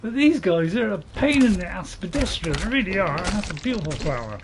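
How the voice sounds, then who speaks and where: A man gives loose, rambling commentary over his own gameplay, chuckling often. His voice sits a bit high and swings widely in pitch. Steady hiss runs under the noisy home recording. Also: a little fast. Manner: rambling, chatty self-talk with frequent chuckles. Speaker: gaming channel host. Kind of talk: let's-play gameplay commentary.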